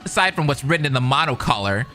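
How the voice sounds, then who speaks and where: A smug, callous boy, voiced by a fan dubber in a fan-made game. He mocks everyone around him in a bright, sneering voice. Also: mid-range voice, expressive, fast talker, soft background music. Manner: smug, mocking.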